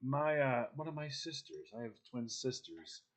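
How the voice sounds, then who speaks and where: A man's voice: mid-range voice, big pitch swings, normal speed, a bit bright. A man telling a long, rambling story in casual podcast chat, with many fillers and restarts.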